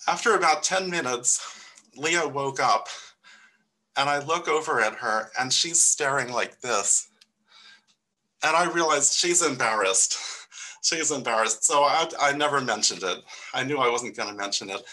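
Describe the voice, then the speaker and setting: A man telling a self-deprecating personal story on a live storytelling show, earnest and animated. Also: medium pitch, a little slow, poor audio. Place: small theater stage.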